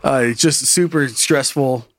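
Animated podcast host, man, dry close sound. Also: medium pitch, a little slow, no room sound. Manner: animated, swearing, laughing at his own story. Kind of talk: casual podcast chat and storytelling.

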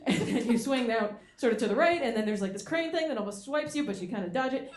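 A woman's voice: a little high, lively intonation, quick pace. A woman on a panel, telling a story with animation and frequent giggles, recorded live in a roomy space. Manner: giggly, breaks into laughter. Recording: roomy live room sound.

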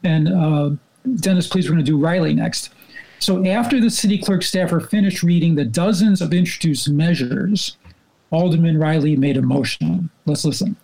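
A man with a slightly raised, gravelly voice walks through events as a guest reporter. He explains in a wry, halting way, full of fillers and restarts. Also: a little high, warm tone, poor audio. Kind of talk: casual political talk.

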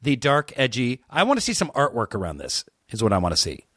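A man's voice: medium pitch, wildly swooping pitch, a little fast, fairly bright tone. A man chatting as a podcast guest, tossing out playful, absurd questions and riffs. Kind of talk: casual comedic chat.

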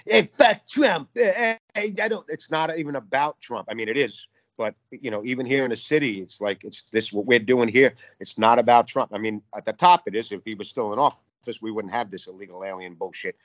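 A man's voice: fairly low pitch, no echo, dull audio. A man from New York, a guest artist, talking in a casual interview in a profane, fired-up, rambling way.

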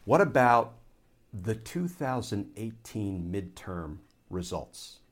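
A man's voice: lowish voice, sing-song, slow. A man, a former Army lawyer, giving a solo political commentary that explains his argument step by step and poses rhetorical questions.

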